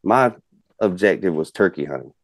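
A man's voice: low voice, lively intonation, normal speed, dry recording. A man spins a long, folksy hunting story. He rambles and fills with "you know", and the sound is close and dry. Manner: folksy, rambling, many fillers. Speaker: guest hunter. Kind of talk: casual storytelling.

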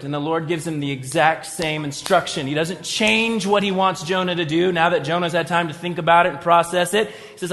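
Male preacher, high voice, lively storytelling sermon delivery, long hall reverb. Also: brisk, hardly any pauses. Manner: conversational preaching, retells scripture dramatically. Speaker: pastor.

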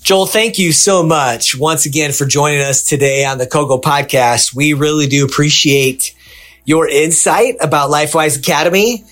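Earnest male podcast host, higher voice. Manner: warm, earnest, halting with fillers. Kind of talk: podcast interview sign-off.

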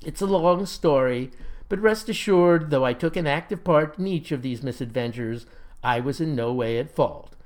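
Folksy deadpan male storyteller. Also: a little high, normal speed. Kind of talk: scripted comic story narration.

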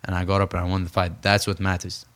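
A young man from Saudi Arabia speaks in a fairly low voice, earnest and reflective. He is a professional boxer being interviewed, and he often repeats a phrase to drive it home. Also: completely flat delivery, quick pace, fairly bright tone.

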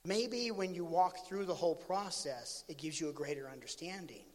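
A man with a high-pitched voice delivers a sermon. He tells a story with lively swings between loud outbursts and quiet asides. His voice rings with the long reverb of a big hall. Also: moderate pace. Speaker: pastor.

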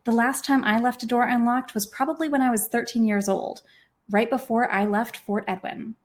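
A woman author and podcast host reading her own novel aloud with expressive, lively storytelling. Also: a little high, moderate pace.

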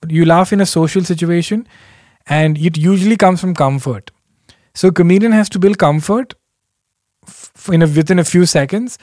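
A man's voice: high voice, a little mellow, no echo, studio quality. A man hosting a podcast alone, rambling casually with self-deprecating asides and frequent chuckles. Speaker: podcast host. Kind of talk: casual solo podcast chat.

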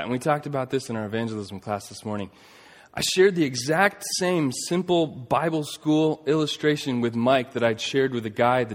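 A man in his thirties preaching a sermon, telling a story earnestly, rising to emphatic points and dropping to a hush. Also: medium pitch. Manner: earnest storytelling, swings between emphatic and hushed. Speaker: pastor. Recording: long reverb of a large hall.

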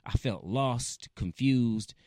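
A man's voice: mid-range voice, slow pace, mellow, no echo, studio quality. A male radio talk show host opening his show and interviewing a guest with enthusiasm, repeating words for emphasis and laughing often.

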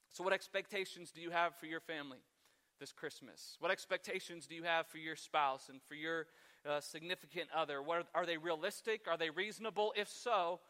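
A man's voice: high-pitched, pushed and bright, big-room sound. A man preaching a sermon as a pastor, conversational and self-deprecating, now and then acting out his own grumbling.

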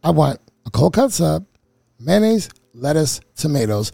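A man's voice: on the high side, sing-song, measured pace, vocal fry, warm tone, no echo, studio quality. A man co-hosting a casual radio chat show, chatty and emphatic, who repeats himself for effect. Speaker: co-host.

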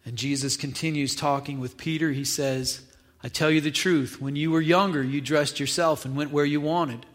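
A man's voice: on the high side, steady tone, moderate pace. A man preaching a sermon, retelling a scripture reading in a casual, conversational way with acted asides. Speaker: pastor.

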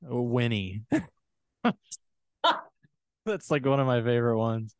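A man's voice: mid-range voice, slow pace, darkish tone, smooth, no room sound, studio quality. A man co-hosting a podcast in casual chat, rambling and trailing off with frequent laughs. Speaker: podcast co-host.

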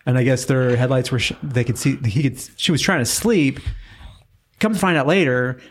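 A man co-hosting a relaxed podcast and chatting with a colleague. He tells stories with energy and slips into the voices of the people he quotes. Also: mid-range voice, moderate pace. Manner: animated storyteller, acts out quoted voices. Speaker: co-host. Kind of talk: casual podcast chat.

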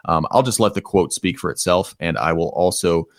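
A man's voice: deep voice, moderate pace, no echo, clean studio sound. A man from the Detroit area hosting a podcast segment, giving casual, opinionated commentary on economic news with frequent ums. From Metro Detroit, USA. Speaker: podcast host.

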